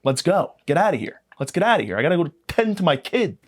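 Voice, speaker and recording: A man's voice: on the high side, big pitch swings, voice pushed up. A man voicing his impatient friend, a young dad in a hurry, in a slightly raised everyday voice. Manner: impatient, hurried.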